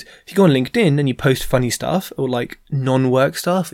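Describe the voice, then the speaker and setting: Give me a chatty host with a middle-pitched voice, talking through tips in a dry, close recording. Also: male voice, normal speed, creaky, hardly any pauses, a little mellow, dry recording. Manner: chatty, lots of fillers and asides. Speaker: podcast host giving business advice. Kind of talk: casual advice talk.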